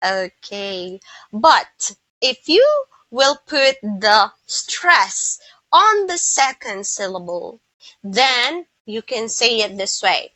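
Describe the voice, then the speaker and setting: A woman teaching English pronunciation, slowly modelling word stress and repeating example words. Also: a little high, animated, bright, forceful tone, no room sound, poor audio. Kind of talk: online lesson.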